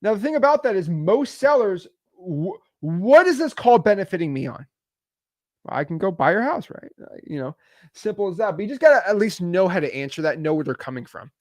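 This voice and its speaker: A man explains cold-calling tactics in a relaxed, conversational way. His voice sits a little high and moves around a lot in pitch, full of quick asides and easy laughs. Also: no echo. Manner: animated, chatty, quick asides and frequent laughs. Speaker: real estate cold-calling coach. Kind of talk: casual instructional talk.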